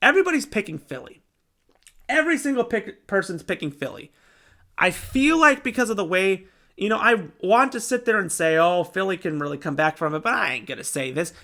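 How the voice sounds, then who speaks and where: A young man hosting a sports show, giving casual game predictions in an excitable, animated way. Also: high-pitched, a little fast. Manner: excitable, animated fan talk.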